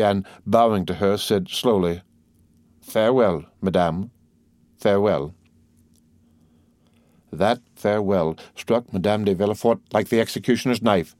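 A man narrating an audiobook of a classic novel in a steady, formal storytelling manner. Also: fairly low pitch, no echo. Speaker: audiobook reader. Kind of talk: scripted narration. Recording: dry close audiobook recording.

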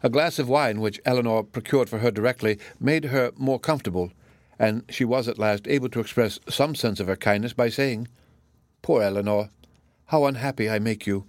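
A man's voice: medium pitch, fairly quick, dry recording. Man narrating a classic novel, dry sound. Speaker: audiobook narrator.

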